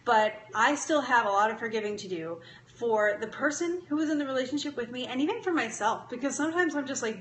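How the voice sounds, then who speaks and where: A woman's voice: high-pitched, animated, a little fast, hardly any pauses. A young adult woman hosting a casual live stream, talking in an upbeat, encouraging way, chatting with viewers and laughing often. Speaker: live-stream host giving daily affirmations. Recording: echoey room with faint ambient noise.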